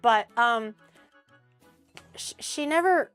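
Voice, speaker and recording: Cooking on her stream for a collab she's hosting, a young woman from Canada chats animatedly, laughs a lot and swears casually. Her voice is a little high, bright and clean, with a slow pace and faint music behind.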